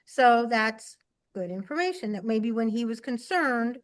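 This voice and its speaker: Woman dog handler, tentative and rambling, somewhat high voice. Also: lively intonation, unhurried. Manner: hesitant, trailing off with fillers. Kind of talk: casual chat with a coach.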